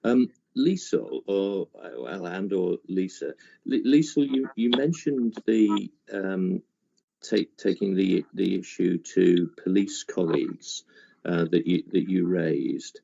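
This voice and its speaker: A man chairing a committee meeting, thanking speakers and calmly asking the room for agreement. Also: low voice, vocal fry, lo-fi sound. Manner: measured, inclusive, asks the room for agreement.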